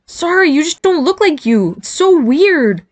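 A woman's voice: mid-range voice, moderate pace, no echo, lightly acted. A woman voicing a blunt, tactless teenage boy teasing his brother in a storybook reading. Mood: amazed.

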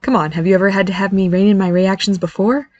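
Calm reserved dad, as a woman reads him. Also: medium pitch, no room sound, lo-fi sound, lightly acted. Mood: measured. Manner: calm, measured, quiet. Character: calm measured middle-aged father, reserved.

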